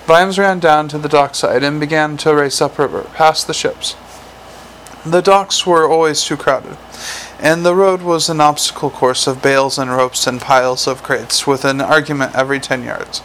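Male storybook narrator, slightly raised pitch, measured dry delivery, faint background hiss. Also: fairly bright tone, poor audio. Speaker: audiobook narrator.

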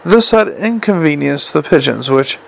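A man narrating a comic novel for an audiobook in a wry, even storytelling manner. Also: a little high, normal speed, gravelly, a little hiss or hum.

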